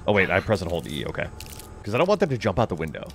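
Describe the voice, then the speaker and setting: A man giving casual, jokey commentary while playing a horror game, getting excited and shouting at teammates. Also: low voice, racing, vocal fry, a little hiss or hum. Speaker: gamer.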